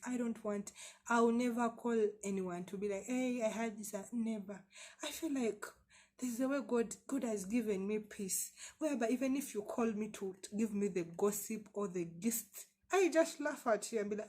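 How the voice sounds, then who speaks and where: A woman's voice: a little high, normal speed, darkish tone. Emphatic woman vlogger with rhetorical questions. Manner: emphatic, repeats words, asks rhetorical questions. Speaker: vlogger sharing a personal story. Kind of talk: candid personal testimony to camera.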